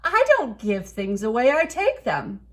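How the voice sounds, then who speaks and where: A woman reading aloud, voicing a greedy, blustering king who turns whiny and loud. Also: fairly high pitch, big pitch swings, unhurried.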